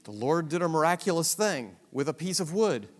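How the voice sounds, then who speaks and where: A man's voice: on the high side, sing-song, moderate pace, long reverb tail. A man teaching a Bible survey lesson in a conversational, emphatic way, with rhetorical questions and asides.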